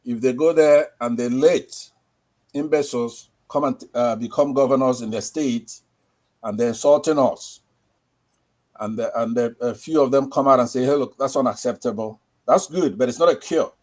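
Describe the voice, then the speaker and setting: A man's voice: mid-range voice, normal speed, darkish tone. A man speaks emphatically on a call-in line. He drives his points home and caps them with rhetorical tag questions. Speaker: caller. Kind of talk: call-in commentary.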